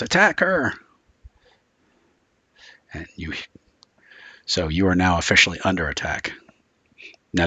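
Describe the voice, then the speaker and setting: A man's voice: low voice, bright, forceful tone, breathy edge, dry recording. A man running a tabletop horror game as game master, describing scenes in a loose, rambling way full of filler words.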